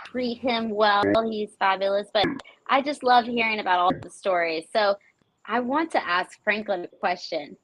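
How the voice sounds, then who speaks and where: A woman with an average-pitched voice hosts a relaxed interview. She sounds upbeat and enthusiastic and asks questions warmly. A faint hiss of noise runs underneath. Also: rough recording. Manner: upbeat and enthusiastic, laughs easily. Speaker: host. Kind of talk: casual interview chat.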